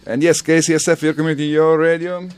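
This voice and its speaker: A man's voice: a little high, flat delivery, fast talker, music in the background. A man hosting a community radio show, speaking English as a second language and ending his remarks with "no?". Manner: non-native English, short agreeing replies with tag "no?". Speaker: radio DJ host. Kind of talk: casual radio interview chat. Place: radio studio.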